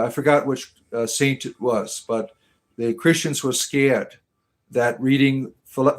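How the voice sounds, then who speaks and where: A man chats through a casual livestream in a voice of average pitch, loose and rambling, with filler words everywhere. He teases his viewers as he talks to them. Faint music plays quietly in the background. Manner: rambling, teasing, many fillers. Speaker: livestream host.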